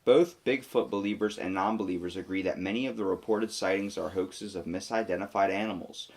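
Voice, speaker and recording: A man's voice: low voice, brisk. A man co-hosting a casual podcast, reading facts aloud and then riffing on them jokingly with plenty of fillers. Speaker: podcast co-host.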